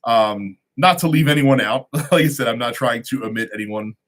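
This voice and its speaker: A man hosting a relaxed live-stream Q&A, reading out viewer questions and answering them conversationally with frequent ums and restarts. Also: medium pitch, moderate pace. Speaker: host of a watch channel.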